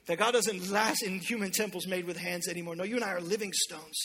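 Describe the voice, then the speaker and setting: A man's voice: high-pitched, fairly even intonation, fast, pushed and bright, husky. A man preaching a sermon to a church congregation, urgent and impassioned. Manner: impassioned preaching, acting out God's voice in quotes. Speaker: pastor.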